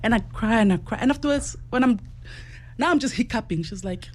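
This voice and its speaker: A South African woman, a para-athlete and journalist, is a guest in a studio, where she recounts a personal story vividly and acts out others' quoted remarks. Her voice is on the high side and a little fast, with slight background noise.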